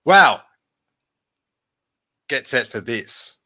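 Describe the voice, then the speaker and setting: A man's voice: medium pitch, very animated, very slow, bright, forceful tone, dry recording, clean studio sound. A man hosting a livestream podcast in a casual, playful, rambling chat. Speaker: podcast host.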